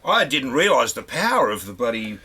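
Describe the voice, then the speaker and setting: A man, a comedian guest on a radio show, telling stories in a laughing, animated way. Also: medium pitch, a little fast, a little hiss or hum. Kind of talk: casual radio chat. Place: radio studio.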